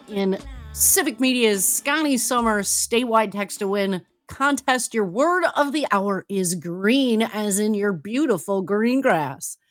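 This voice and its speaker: A woman hosting a political talk radio show, emphatic and sarcastic. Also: on the high side.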